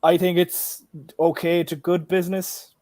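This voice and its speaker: A man's voice: high voice, little pitch movement, unhurried, a little mellow, dry recording. A man with an Irish accent hosting a casual stream chat, often turning questions to the panel and the chat. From Ireland. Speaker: host.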